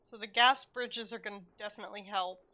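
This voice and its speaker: Bright-voiced woman streaming a game. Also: mid-range voice, steady tone, a little fast. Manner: chatty, mutters to herself, swears casually. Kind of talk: casual gameplay commentary.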